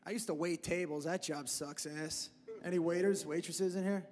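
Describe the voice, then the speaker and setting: A man's voice: fairly high pitch, fairly even intonation, normal speed. A male stand-up comedian on stage, ranting in a brash, profane way. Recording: comedy club stage, loud audience laughter.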